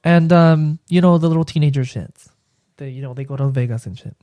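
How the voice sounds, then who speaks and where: A man's voice: on the high side, fairly quick, dark tone, no echo. A young man with a Mexican accent, a podcast guest chatting casually and often hesitating and repeating himself. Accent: Mexican Spanish. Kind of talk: casual chat.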